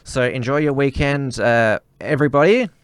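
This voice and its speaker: An Australian man hosting a solo political live stream, talking off the cuff with many pauses and restarts. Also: mid-range voice, clear, resonant tone, no echo. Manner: halting, many uhs and restarts. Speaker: political commentary host.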